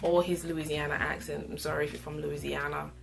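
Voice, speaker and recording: Sassy low-voiced woman reviewer. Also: brisk, vocal fry, music in the background. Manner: opinionated, sassy, animated asides. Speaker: reality show reviewer. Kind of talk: casual commentary review.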